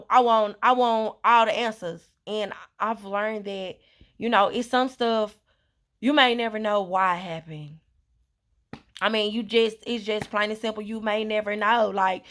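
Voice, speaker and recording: A woman's voice: medium pitch, a bit bright. A woman vlogger talking earnestly and rambling, with many fillers and repetitions, in a casual heartfelt monologue.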